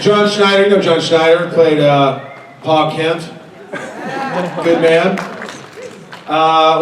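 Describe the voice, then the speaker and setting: A man's voice: mid-range voice, background noise. A man in his thirties telling comedic stories at a fan convention Q&A, joking and acting out the people in his stories. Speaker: actor answering fan questions on a panel. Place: large convention hall with audience. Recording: echoey convention hall from far off, loud crowd.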